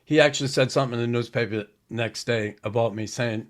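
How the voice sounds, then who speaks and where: Host: middle-aged man, mid-pitched, blunt and foul-mouthed, rambling storyteller. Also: fairly even intonation, quick pace. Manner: blunt and profane, rambling recollection. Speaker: podcast host, former hockey player. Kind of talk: casual podcast conversation.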